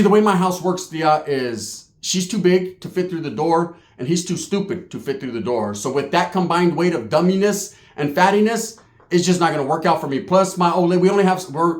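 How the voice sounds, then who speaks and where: A man spins a comic tale in loose, profane street slang. His voice sits fairly high, and the sound rings around an echoey room. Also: fairly quick. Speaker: comedian. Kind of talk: comedic storytelling.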